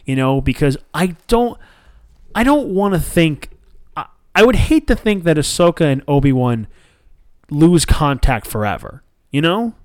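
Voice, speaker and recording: A man's voice: fairly high pitch, big pitch swings, unhurried, darkish tone, no room sound, studio quality. A man hosting a podcast in casual chat. He tells stories with energy, swears freely, and acts out quotes from the people he talks about. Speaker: podcast host.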